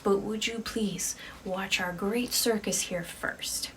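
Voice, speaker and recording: A woman voicing an odd, eager male carnival ticket clown with a showman-like, drawn-out, coaxing manner. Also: medium pitch, fairly even intonation, fairly bright tone, recorded from a distance, slight background noise.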